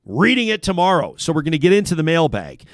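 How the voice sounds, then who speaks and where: Energetic chatty male talk show host. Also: a little high, fast talker, dry recording, clean studio sound. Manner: energetic, chatty, self-interrupting. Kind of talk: casual talk show chat with sponsor reads. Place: broadcast studio. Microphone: studio microphone.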